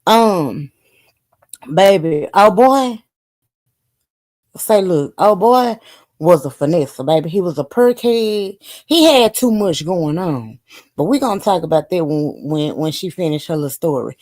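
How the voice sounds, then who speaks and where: A woman's voice: lowish voice, lively intonation, unhurried, a little mellow. A woman hosting a live stream, chatting casually, pleading with viewers and swearing freely. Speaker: stream host.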